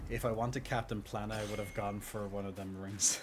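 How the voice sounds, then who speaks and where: A man live-streaming a game, chatting casually and rambling excitedly with lots of fillers and laughter. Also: lowish voice, brisk, background noise. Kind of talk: casual live-stream chat while gaming.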